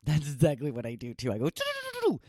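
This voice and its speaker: A woman's voice: a bass voice, quick pace, mellow, slightly rough, no echo, studio quality. A woman hosting a solo podcast, chatting casually and animatedly, often laughing as she talks. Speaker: podcast host.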